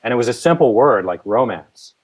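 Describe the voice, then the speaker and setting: A man chatting casually about songwriting, relaxed and a little rambling. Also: medium pitch, brisk, rough recording. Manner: relaxed, rambling with restarts and fillers. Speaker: songwriting guest. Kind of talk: casual conversational advice.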